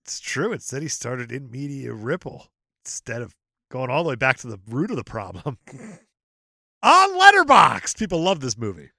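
A man's voice: medium pitch, animated, brisk, a bit bright, dry recording, studio quality. A man co-hosting a movie podcast in casual chat, joking and reading reviews aloud. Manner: joking, reads out reviews with laughs. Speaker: podcast co-host.

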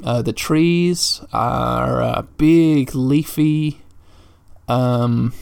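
A man narrating a video game as he plays, describing what is on the screen and thinking out loud. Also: a little high, vocal fry, no echo. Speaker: gameplay commentator. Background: faint game music.

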